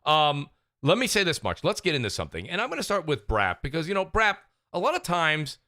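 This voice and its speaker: A man hosting a casual gaming podcast in an animated, joking way. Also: a little high, fairly quick, dry recording, studio quality. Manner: animated, jokey, gives chat shout-outs. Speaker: podcast host.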